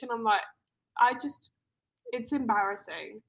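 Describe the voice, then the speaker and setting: A young British woman co-hosting a podcast in casual chat, animated, laughing often and acting out quotes. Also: on the high side, normal speed, creaky, poor audio. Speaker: podcast co-host.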